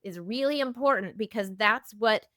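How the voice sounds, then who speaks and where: Gentle woman in her fifties explaining. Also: medium pitch, moderate pace, no echo, studio quality. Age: 50s. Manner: gentle, explanatory, acts out example dialogues. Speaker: eating disorder specialist guest. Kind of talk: casual podcast conversation.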